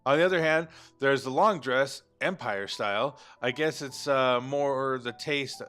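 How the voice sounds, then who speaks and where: A man reads a story game aloud, stopping to joke about the text and to correct himself. His voice is bright and forceful at a mid pitch. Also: measured pace, faint music behind. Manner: reads the story aloud, breaking off for joking asides. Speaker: game player reading aloud. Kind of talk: let's play narration with commentary.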